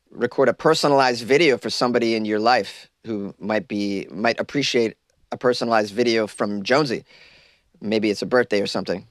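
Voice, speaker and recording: A man's voice: fairly low pitch, a bit bright, no echo. Chatty man in a dry closet. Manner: loose, rambling, self-deprecating. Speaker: podcast host. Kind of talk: casual solo podcast chat. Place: small closet.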